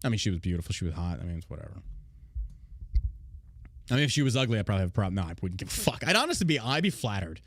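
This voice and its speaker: A man hosting a podcast, talking in a blunt, heavily profane casual rant with loud, mocking outbursts. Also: fairly low pitch, very animated, rapid-fire, pauses often. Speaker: podcast host.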